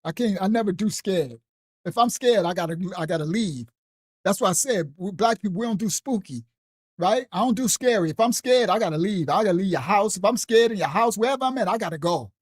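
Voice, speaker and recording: Animated, chatty woman teaching on a live stream. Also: mid-range voice, a little fast, slightly rough, no room sound, clean studio sound. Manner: animated, repetitive, laughs often, talks straight to viewers. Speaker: ministry teacher. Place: at home on a late-night live stream.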